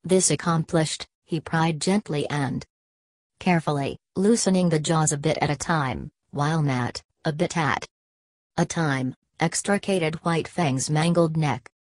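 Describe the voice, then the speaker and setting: A woman narrating a novel aloud in a steady, measured reading. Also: low-pitched, dry recording. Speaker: audiobook narrator. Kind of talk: scripted narration.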